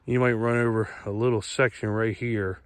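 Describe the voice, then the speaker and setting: A middle-aged farmer with an Eastern Shore accent walks through a cornfield outdoors, explaining things plainly and repeating himself in a casual vlog walkthrough. His voice is lowish and level, at a normal speed, and the recording is dry.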